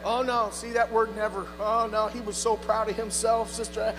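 A man preaching a sermon as pastor, calling on the congregation to answer and rising into shouts. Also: high voice, fairly even intonation, normal speed, few pauses. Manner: call-and-response preaching, building to shouts. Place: church sanctuary. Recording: music behind, long hall reverb.

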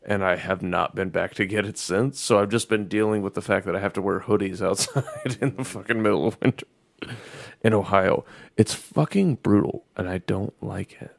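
A man's voice: fairly low pitch, moderate pace, creaky, dry recording. A man chatting casually as a podcast co-host, ranting sarcastically and swearing a lot. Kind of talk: casual chat.

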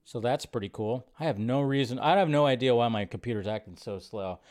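Scrolling at his home computer, a male host rambles through a casual live movie news show, filling pauses as he thinks aloud. He speaks briskly in a mid-range voice with a darkish tone.

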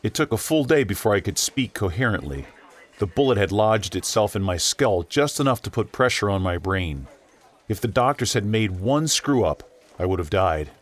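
A man reading a horror story aloud as narrator, emotive and shifting between tense and hushed tones. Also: lowish voice, lively intonation, moderate pace. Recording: music bed under the voice. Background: background music.

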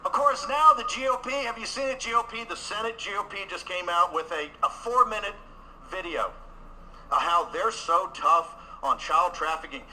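Man, fiery rally speech, very high voice, piercing bright tone, shouts for emphasis. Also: animated, moderate pace, slight background noise, rough recording. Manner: fiery, combative, rising to shouts; repeats phrases for emphasis. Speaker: conference speaker.

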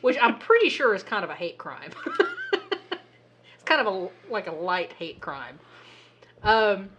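A woman co-hosting a casual podcast, telling a story in an animated, exasperated way and swearing now and then. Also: mid-range voice, unhurried, dull audio, noisy background. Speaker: podcast co-host. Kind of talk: casual chat.

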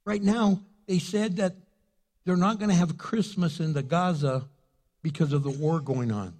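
A pastor preaching a sermon with joking asides and rising fervor. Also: male voice, on the high side, moderate pace, darkish tone, in a large hall.

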